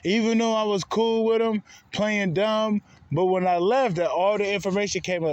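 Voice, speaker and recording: A man's voice: high voice, steady tone, normal speed, muffled recording. A man ranting to his viewers in a heated, profane, repetitive way, calling them bro again and again. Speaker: spiritual vlogger. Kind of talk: casual rant to camera.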